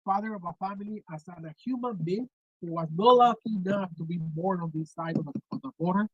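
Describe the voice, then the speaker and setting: A man, a contract worker and father, giving an earnest, halting rally speech with repeated words and fillers. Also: high voice, dull audio, background noise.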